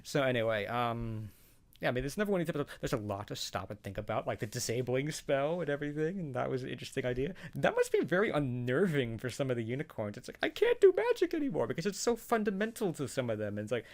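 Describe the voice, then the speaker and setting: Gravelly-voiced man rambling casually. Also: mid-range voice, expressive, quick pace. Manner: rambling, hesitant, chuckles often. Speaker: show reaction vlogger. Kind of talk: casual spoken commentary.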